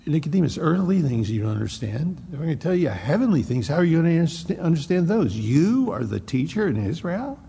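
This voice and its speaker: Male preacher voicing a patient teacher, gravelly and husky, in a reverberant hall. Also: a little high, sing-song, fairly quick, few pauses, warm tone, pitched above the performer's own voice, full character voice. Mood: questioning. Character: Jesus, a patient man teaching.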